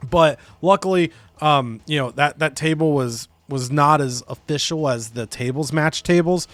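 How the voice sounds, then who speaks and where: A man casually recapping a wrestling management game, animated and profane, slipping into other characters' voices. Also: a little high, normal speed, no room sound. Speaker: let's play host.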